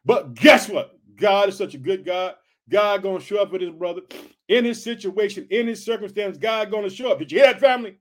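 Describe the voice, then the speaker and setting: A man's voice: sits high, fairly quick. A man preaching an informal sermon, reading scripture and calling out to his listeners as family. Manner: energetic, calls out to listeners as family.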